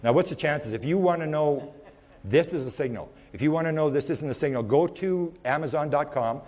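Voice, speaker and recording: A man with a fairly high voice speaks a little fast while delivering a UFO research talk built on anecdotes. His storytelling is animated and set in the present tense, full of restarts, repeated words and wandering tangents.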